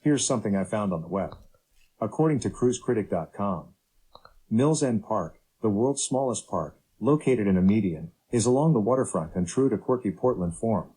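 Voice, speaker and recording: A synthetic male voice assistant reads web results in an even, measured delivery. The voice is low and mellow, with a slightly husky edge. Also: poor audio.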